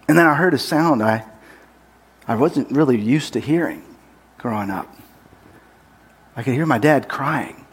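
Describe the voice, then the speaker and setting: High-voiced man telling a personal sermon story. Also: normal speed, breathy edge. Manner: personal, self-deprecating storytelling with laughs.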